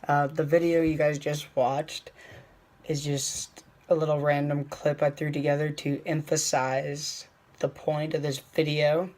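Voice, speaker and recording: A young man talking casually in a vlog, rambling with fillers and slowing down to stress his points. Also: fairly high pitch, flat delivery, a little mellow. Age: young adult. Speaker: vlogger. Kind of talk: casual motivational vlog talk.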